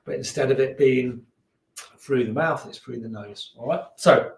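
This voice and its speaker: Relaxed man guiding yoga, echoey room. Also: medium pitch, normal speed, recorded from a distance. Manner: relaxed, encouraging, chatty, laughs at himself. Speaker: yoga instructor. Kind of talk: guided beginner yoga class.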